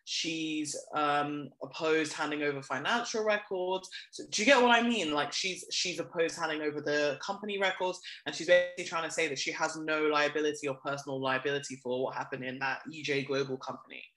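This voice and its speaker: A blunt, gossipy podcast co-host chatting casually and getting animated when worked up. The room leaves a noticeable echo around the voice. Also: medium pitch, fairly quick, few pauses. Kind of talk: casual chat.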